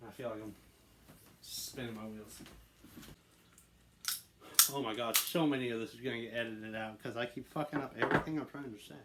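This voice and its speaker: A man's voice: mid-range voice, fairly even intonation, brisk, long pauses, very noisy. A man hosting an airsoft video in a laid-back, casual way, swearing often and laughing at his own mistakes. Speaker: channel host reviewing airsoft guns. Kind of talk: casual scripted video talk with outtakes.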